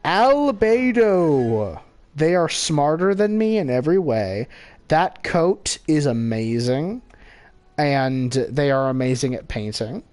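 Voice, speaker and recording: A man's voice: mid-range voice, measured pace, a little mellow, smooth. A man hosting a gaming channel, giving rambling casual commentary with frequent self-corrections and giggly asides.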